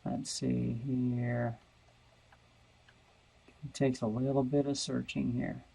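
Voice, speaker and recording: Slow, gravelly-voiced male math teacher. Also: mid-range voice, level tone, warm tone, poor audio. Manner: slow, thinking aloud, repeats words while searching. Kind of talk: screen-recorded lesson walkthrough.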